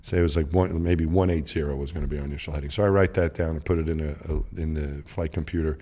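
With a rumbling low, mellow voice and fairly even intonation, the former astronaut speaks fast as a guest on the interview show. This middle-aged man spins a long, wandering story, performing the lines of the people involved.

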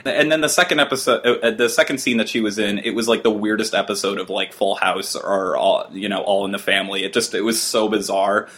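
A man co-hosting a TV review podcast, talking in a casual, sarcastic, exasperated way, spinning animated riffs about what he watched. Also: lowish voice, a little fast, few pauses.

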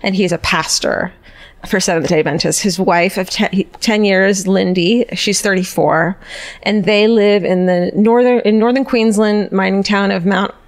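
Lady podcaster, casual and chatty, drops f-bombs all over, mid pitch. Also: moderate pace. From United States. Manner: swears freely, chatty and animated. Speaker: podcast co-host. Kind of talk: casual chat, storytelling.

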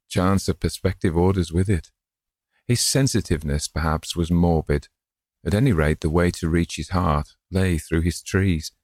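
A man reading a classic tale aloud in a measured, scripted narration. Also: deep voice, darkish tone, dry recording, studio quality. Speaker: audiobook narrator.

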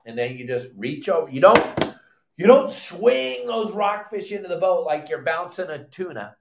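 An older man hosting a live fishing show, teaching in an animated, loud way with surfer slang. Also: high-pitched, moderate pace, vocal fry, roomy sound, noisy background. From Southern California.

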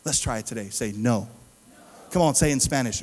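A man's voice: medium pitch, very animated, a little fast, big-room sound, rough recording. A man preaching a sermon, emphatic and calling out to the congregation. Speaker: pastor.

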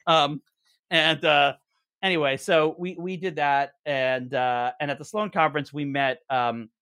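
Young adult man, podcast guest, bright tone, dry close sound, meandering anecdotal delivery. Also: on the high side, steady tone, a little slow, clear, resonant tone, no room sound. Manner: rambling storyteller with many fillers and restarts. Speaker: podcast guest, show co-creator. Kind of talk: casual chat.

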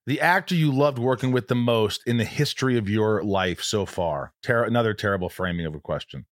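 A man's voice: lowish voice, fairly quick, no echo, clean studio sound. A male host conducting an interview, talking bluntly and swearing freely. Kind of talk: interview conversation.

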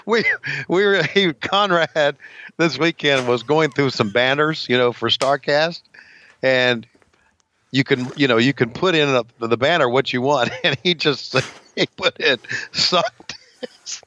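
A man's voice: mid-range voice, unhurried, sharp tone, dull audio. A man co-hosting a casual chat, telling profane stories and laughing often.

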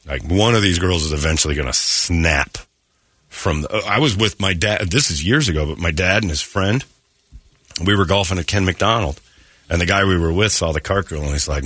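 A man's voice: low voice, normal speed, fairly bright tone, dry recording, studio quality. A male radio host telling a raunchy story in casual chat, laughing and acting out other people's voices.

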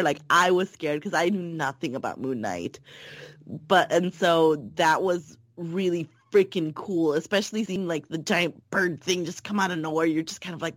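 A woman co-hosting a casual podcast chat, excitable and chatty. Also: lowish voice, normal speed, dry recording. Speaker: podcast co-host.

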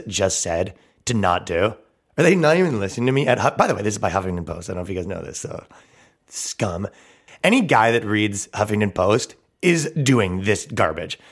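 A man hosting a comedy podcast, ranting in a brash, mocking and profane way. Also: on the low side. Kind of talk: crude ranting podcast talk.

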